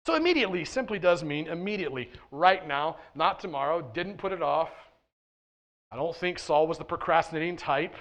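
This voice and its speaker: A man's voice: fairly high pitch, animated, brisk. A man preaching a sermon as pastor of a church, talking in a casual, conversational way and often checking in with the congregation. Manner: swings between quiet asides and loud emphatic points. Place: church sanctuary.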